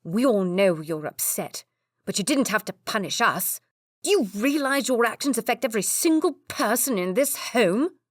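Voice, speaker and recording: A woman's voice: fairly low pitch, expressive, normal speed, dry recording, clean studio sound, natural voice. A woman reading as Edward, a scolding young lord. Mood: angry. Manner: yelling, scolding. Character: young nobleman Edward, hot-tempered brother.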